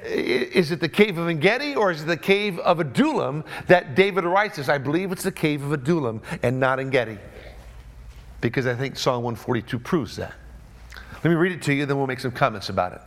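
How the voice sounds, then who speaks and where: A man's voice: lively intonation, brisk. Impassioned preacher, man, rising and falling. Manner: emphatic preaching, voice swells then drops low and soft; repeats key words for emphasis. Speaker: pastor. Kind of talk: sermon.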